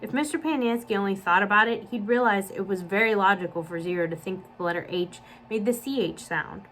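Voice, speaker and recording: A woman children's librarian reading a novel aloud to young listeners. Her storytelling is clear and steady, and her pitch sits in an ordinary middle range. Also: fairly quick, slight background noise, poor audio.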